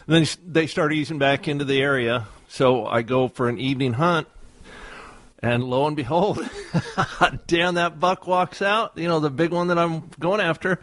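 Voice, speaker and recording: A man co-hosting a radio show in casual chat, telling a story in a profane, animated way and laughing often. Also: on the high side, normal speed. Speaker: radio co-host.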